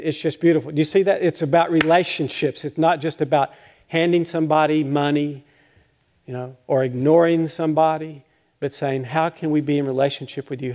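An older male pastor preaching a conversational, self-deprecating sermon, halting and restarting with light chuckles. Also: a little high, a little mellow.

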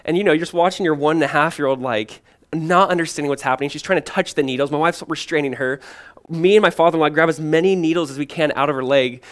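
A young adult man, a pastor, giving a sermon in a relaxed, conversational storytelling way with lots of casual fillers. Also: on the high side, quick pace. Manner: conversational storytelling, many fillers like "like" and "you know".

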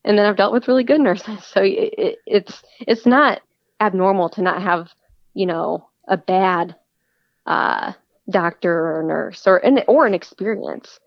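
A cancer patient appears as a guest in a relaxed interview, her medium-pitched voice gravelly and unhurried. Earnest throughout, she repeats words when starting sentences and frequently restarts. The sound is lo-fi, dull and dry, with no room echo.

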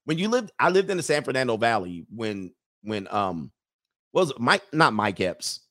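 A man's voice: mid-range voice, big pitch swings, normal speed, a bit bright. Rambling, chuckling man hosting a livestream. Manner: rambling, chuckling, loses his train of thought. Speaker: livestream host reading viewer comments. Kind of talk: casual livestream chat.

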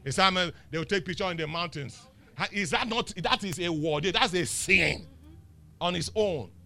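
High, bright-voiced pastor preaching. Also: male voice, normal speed, creaky. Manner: emphatic, teasing, rhetorical questions. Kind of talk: sermon. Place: church.

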